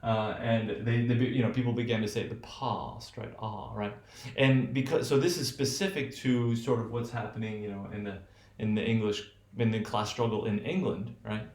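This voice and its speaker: A man's voice: on the low side, fairly even intonation, normal speed, few pauses, darkish tone. A man teaching English pronunciation in a loose lecture, thinking aloud with many fillers and repeated "right?" checks. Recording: echoey room.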